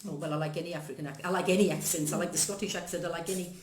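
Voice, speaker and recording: A woman's voice: fairly low pitch, steady tone, rapid-fire, slight background noise. Chatty Zambian-born woman in her sixties. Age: 60s. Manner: earnest, chatty, laughs often. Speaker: guest. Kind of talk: casual chat. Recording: echoey room.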